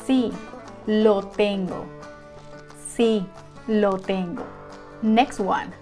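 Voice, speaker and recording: Slow, careful teacher woman. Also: medium pitch, steady tone, darkish tone, faint music behind. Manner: slow, careful model sentences with questions to the viewer. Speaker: Spanish teacher. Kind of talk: language lesson.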